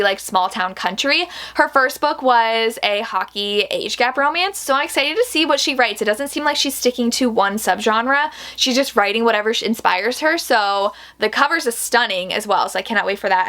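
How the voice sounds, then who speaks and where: A woman's voice: fairly high pitch, bright, forceful tone. A woman vlogging casual book reviews, gushing and enthusiastic with lots of "like" fillers.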